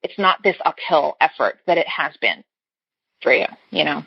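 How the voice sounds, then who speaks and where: A woman's voice: low-pitched, lively intonation, normal speed, gravelly, husky, dry recording. A woman guest on a talk show, a fertility coach, speaking earnestly in a casual interview and explaining things through everyday analogies. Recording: dull, lo-fi sound.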